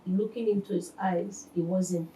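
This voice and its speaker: Woman, 40s, from Nigeria, halting testimony; low mellow voice, roomy echo. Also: fairly even intonation, a little hiss or hum. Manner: halting, hesitant storytelling. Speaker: reality show contestant. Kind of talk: emotional personal testimony. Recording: echoey room, faint ambience.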